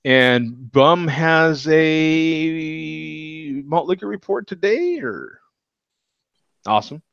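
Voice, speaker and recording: A man's voice: on the high side, expressive, drawn-out words, creaky, a bit bright, clear, resonant tone, no echo, highs cut off. Rambling male pub-chat host. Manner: loose, rambling, chuckling. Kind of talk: casual chat.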